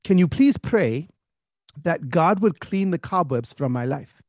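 A man voicing a frail, tearful very old churchwoman, pleading slowly. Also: a little high, expressive, a little mellow, no room sound, studio quality.

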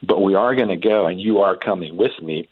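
A middle-aged man telling a story about his son in a relaxed, halting way, with many restarts and fillers. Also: low voice, slightly rough, dry recording, phone-quality sound. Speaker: guest parent telling a family story. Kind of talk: casual storytelling in a faith podcast interview.

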